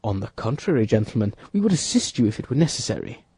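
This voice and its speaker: A man reading an audiobook, voicing a shrewd young musketeer who gives brisk commands. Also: medium pitch, very animated, dark tone, slightly rough, dry recording.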